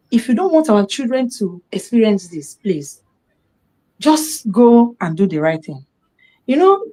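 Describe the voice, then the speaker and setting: A middle-aged woman with a Nigerian accent, a guest on a live talk program, telling a personal story and acting out what other people said. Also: medium pitch. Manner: animated, acts out the quoted voices of others.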